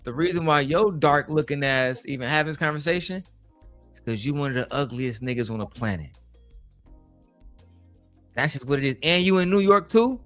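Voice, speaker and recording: A man's voice: fairly high pitch, lively intonation, moderate pace, long pauses, a bit bright, faint music behind. Brash, profane man hosting a stream. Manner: brash, profane, trash-talking. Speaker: livestream host. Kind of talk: casual debate stream chat.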